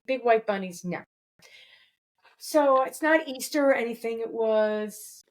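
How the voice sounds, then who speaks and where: A woman's voice: medium pitch, rough recording. A woman host on a video call, telling a personal story in a rambling, casual way. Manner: rambling, many restarts. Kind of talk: casual chat.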